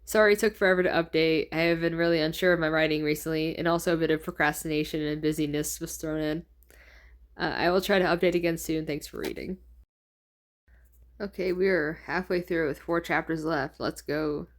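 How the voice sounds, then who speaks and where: Rich: A woman in her twenties reads her old fanfiction aloud, pausing for wry asides. She trips over words and fixes them as she goes, and her voice sits a little low. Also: fairly even intonation. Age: 20s. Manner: stumbles and corrects herself, laughs at her own writing. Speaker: fanfiction reader.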